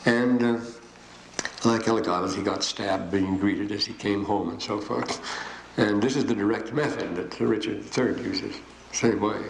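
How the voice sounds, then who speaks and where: An older man giving a rambling, digressive classroom lecture with frequent pauses. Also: lowish voice, creaky. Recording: echoey room, faint hiss.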